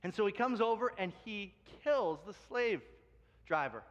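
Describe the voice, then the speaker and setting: A high-pitched man preaching in an animated way, slipping into voices for the people in his stories. The sound is muffled and carries a long church-hall reverb. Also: moderate pace. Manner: animated storytelling, acts out quoted voices. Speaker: pastor. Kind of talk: sermon. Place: church sanctuary.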